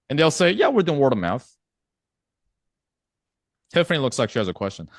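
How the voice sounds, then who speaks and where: A man's voice: a little high, sing-song, fairly quick, long pauses, no echo, clean studio sound. A man teaching a live online sales training in a conversational way, often acting out a prospect's replies and checking in with his audience. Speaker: sales coach.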